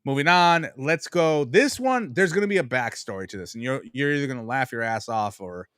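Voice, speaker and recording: A man's voice: mid-range voice, animated, fairly quick, a bit bright, clear, resonant tone, no echo. A man in his forties from Buffalo, guest on a sports talk podcast, telling long profane stories with self-mocking humor. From Buffalo, New York. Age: 40s. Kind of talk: casual sports chat.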